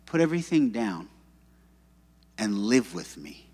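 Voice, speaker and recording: A man preaching a sermon, telling stories and acting out quotes with animated delivery. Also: fairly low pitch, measured pace, husky. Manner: animated storytelling with acted-out quotes. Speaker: pastor. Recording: long reverb of a church hall.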